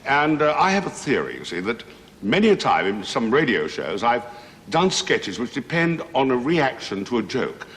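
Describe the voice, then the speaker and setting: Bright-voiced man telling old jokes. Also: mid-range voice, sing-song. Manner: measured, patient joke-telling with assured asides. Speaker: guest comedian. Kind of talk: telling jokes on a TV variety show. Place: TV studio with live audience. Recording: roomy studio with long reverb.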